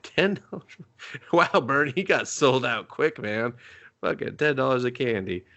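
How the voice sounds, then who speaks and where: Male podcast co-host, mid-pitched, sarcastic and foul-mouthed, riffing through a movie recap. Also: animated, a bit bright, muffled recording. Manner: mocking, swears often, acts out characters in quick voices.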